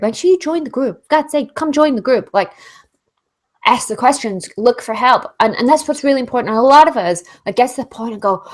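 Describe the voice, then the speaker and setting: A British woman hosting a casual business Q&A, chatty and animated, full of fillers and acted-out inner voices. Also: fairly high pitch. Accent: British English. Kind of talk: casual motivational webinar talk.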